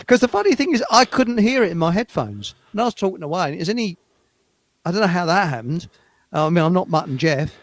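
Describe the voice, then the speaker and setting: A man's voice: sits high, very animated, brisk, no room sound. A man hosting a live show, chatting casually and joking with his co-host. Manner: chatty and jokey.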